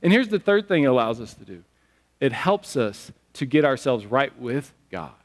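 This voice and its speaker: A man preaching a sermon as pastor, telling stories in an animated, conversational way. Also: medium pitch, normal speed. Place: church sanctuary. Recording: long church hall reverb.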